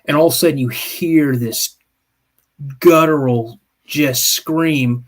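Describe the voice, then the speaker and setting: A man's voice: fairly high pitch, takes it slowly. A man co-hosting a live podcast, telling an encounter story in the second person with frequent restarts and check-ins. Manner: animated, builds scenes with second-person storytelling; frequent restarts and repeated "okay?". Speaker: podcast co-host. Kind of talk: live-stream storytelling chat.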